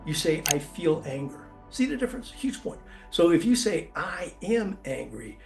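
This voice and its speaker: A man giving a motivational talk, earnest and loose, with many ums and restarts. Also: fairly high pitch. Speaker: keynote speaker.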